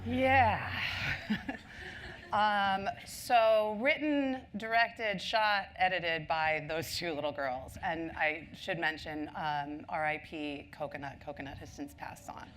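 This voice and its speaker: Woman on stage doing a marketing talk, lower voice, lots of ums, storytelling vibe, a little noise behind. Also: steady tone, a little slow, few pauses, fairly bright tone. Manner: chatty storyteller with many ums and asides. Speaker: conference speaker on marketing. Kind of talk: conference talk.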